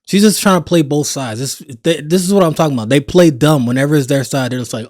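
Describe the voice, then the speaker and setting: A man's voice: a little high, quick pace, hardly any pauses, darkish tone, no echo, clean studio sound. A man reacting to a news panel clip with mocking, sarcastic asides. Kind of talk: casual reaction commentary.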